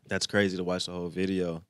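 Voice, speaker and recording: Reaction commentator, low voice, dry sound, slangy and reflective, throaty at times. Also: male voice, fairly bright tone, clear, resonant tone, no room sound. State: clearing his throat often.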